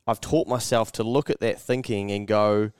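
A young man with a New Zealand accent and a fairly low, steady, darkish but clean voice speaks at a moderate pace, with no room sound in a clean studio. As a podcast co-host he recounts a story casually, swearing often and acting out his own thoughts.

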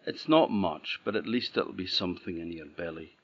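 Orkney storyteller doing a polite young fisher lad, scottish accent, kind, low-ish voice, dull lo-fi audio. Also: male voice, normal speed. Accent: Orcadian Scottish. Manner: polite and generous. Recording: dull lo-fi recording.

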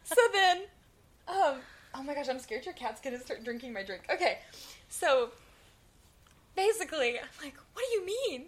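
A woman's voice: high-pitched, moderate pace, long pauses. A young woman co-hosting a podcast, telling a workplace story with lots of laughter in casual chat. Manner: animated storyteller, laughs often. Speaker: podcast co-host.

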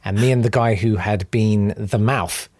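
A man's voice: fairly low pitch, measured pace, a little mellow, no echo. A man chatting casually about his voiceover work, self-deprecating, with frequent stammered restarts. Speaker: voice actor and podcast guest. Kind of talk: casual chat.

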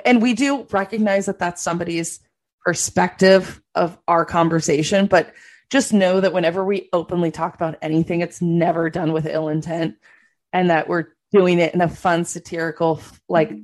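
A woman's voice: on the low side, a little mellow. A woman co-hosting a podcast in casual chat, speaking in an emphatic, opinionated way. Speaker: podcast co-host.

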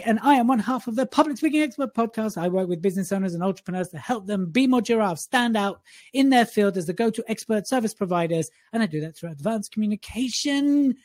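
A man's voice: high-pitched, fairly quick. A man co-hosting a podcast, teasing and mock-exasperated in casual chat. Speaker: podcast co-host, speaking coach.

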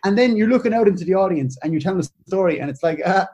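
Irish guy, kinda high voice, easygoing chatty stories about comedy gigs. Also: animated, racing, warm tone, husky. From Ireland. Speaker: podcast guest, comedian. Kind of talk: casual chat.

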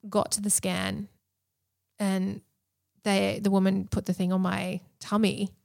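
A woman's voice: mid-range voice, level tone, measured pace, gravelly, a little mellow, no echo, clean studio sound. A young woman, pregnant, chatting casually and emotionally, laughing often as she talks. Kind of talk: casual chat about pregnancy.

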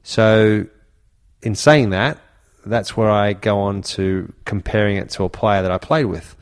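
Man, low voice, ex-footballer spinning yarns on a podcast. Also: steady tone, measured pace, clear, resonant tone. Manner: anecdotal, acts out quotes with raised voice. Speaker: former footballer, podcast co-host. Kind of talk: casual storytelling chat.

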